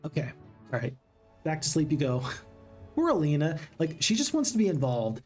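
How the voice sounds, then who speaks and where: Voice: medium pitch, sing-song, moderate pace, a little mellow, faint music behind. A gaming channel host giving upbeat, casual let's-play commentary and chatting with viewers.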